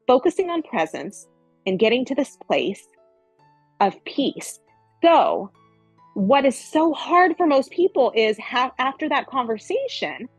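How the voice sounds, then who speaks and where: A woman's voice: high-pitched, husky, dry recording, low-quality recording. A middle-aged woman giving a casual spiritual coaching talk, earnest and repeating phrases for emphasis.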